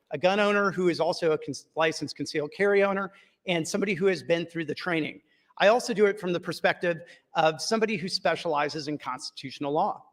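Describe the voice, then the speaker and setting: A man losing his voice, giving a firm, lawyerly floor speech in a legislative chamber and repeating his key points. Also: sits high. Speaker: state senator in floor debate.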